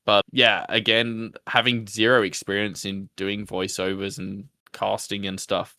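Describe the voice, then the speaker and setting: A man's voice: on the low side, little pitch movement, unhurried, bright, forceful tone, no room sound. A man, the host of a podcast, chatting casually about his show, self-deprecating and laughing often. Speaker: podcast host being interviewed. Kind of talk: casual chat.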